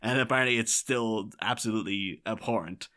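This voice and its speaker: A man's voice: fairly low pitch, a little fast, bright, forceful tone. A man co-hosting a podcast in casual chat, rambling through asides and laughing often. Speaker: podcast co-host.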